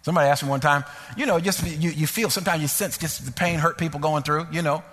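A bright, high-pitched man preaching in a church, telling stories with lots of repetition and building to near-shouts. His voice carries a long hall reverb. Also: fast talker. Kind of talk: sermon with personal stories.

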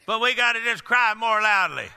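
An older man preaching a sermon, swinging between loud outbursts and low hushed lines. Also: animated, moderate pace, gravelly, clear, resonant tone. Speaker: pastor. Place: large church hall. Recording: long hall reverb.

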